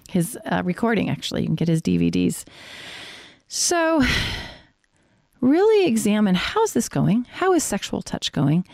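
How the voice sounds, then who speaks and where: A woman's voice: mid-range voice, creaky, a little mellow, no room sound. Woman, middle-aged sex therapist; plain-spoken, explanatory teaching tone, dry recording. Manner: frank, explicit, explanatory. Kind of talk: faith-based teaching on sexuality.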